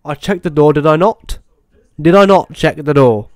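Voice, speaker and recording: A young man playing a horror game, talking to himself and swearing, with sudden excited outbursts. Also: a little high, normal speed. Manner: swears, talks to himself, swings between muttering and excited outbursts. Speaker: gaming YouTuber. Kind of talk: horror game let's play commentary.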